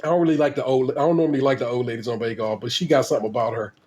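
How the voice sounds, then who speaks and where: A man's voice: mid-range voice, steady tone, rapid-fire, noisy background. A man hosting a podcast in casual chat, laid-back and slangy, swearing freely and laughing often. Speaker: podcast host.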